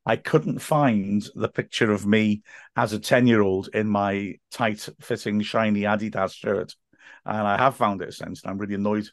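A man's voice: on the low side, steady tone, normal speed, no echo, studio quality. A man, a football commentator chatting as a podcast guest and telling stories with many restarts. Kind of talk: casual podcast chat.

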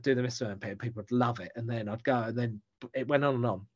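Through dull, lo-fi audio comes a stand-up comedian, a man in casual podcast conversation with other comics. He rambles through self-deprecating stories at a quick pace, his medium-pitched voice sounding a bit bright.

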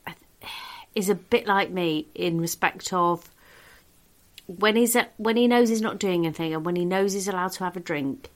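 A middle-aged woman, appearing as a comedian guest on a podcast, tells a funny anecdote in a lowish voice at a moderate pace. She's a lively storyteller who keeps laughing through her own tale.

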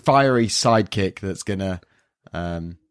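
In a studio-quality recording with a clean tone and no room sound, a podcast co-host speaks in a low, unhurried voice. His casual chat rambles, full of fillers and restarts.

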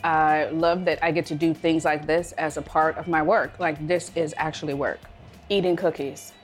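A woman's voice: deep voice, moderate pace, soft background music. A woman from Chicago, a wine consultant, telling stories in a casual vlog and acting out the voices of people in them. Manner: animated, acts out quoted voices.

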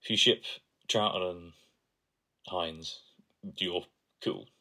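A man's voice: low voice, steady tone, takes it slowly, pushed and bright. A young man co-hosting a podcast, sharing analysis and trivia in casual chat. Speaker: podcast co-host.

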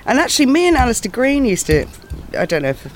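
A man's voice: very high voice, sing-song, quick pace, a little hiss or hum. A man with a South East London accent, a podcast guest chatting frankly over dinner and talking with his mouth full. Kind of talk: casual chat over a meal. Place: home, at a dining table.

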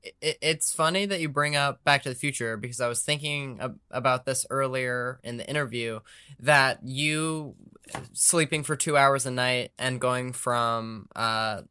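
Podcast host, man, keen interviewer, forceful crisp tone. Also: medium pitch, a little slow, no room sound. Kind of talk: casual interview.

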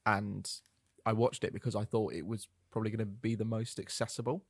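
A man in a casual film discussion, speaking in a measured, thoughtful way. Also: on the low side, little pitch movement, dry recording, studio quality.

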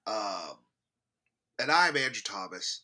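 Male podcast co-host, bright sharp tone, lively pitch, giggly and teasing. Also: slow. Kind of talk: casual chat.

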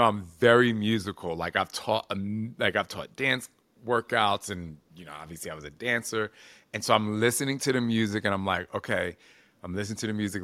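This man, in his forties, has a lowish voice and recounts stories with animation and expression in an informal interview, slipping in "like" frequently and the odd swear word.

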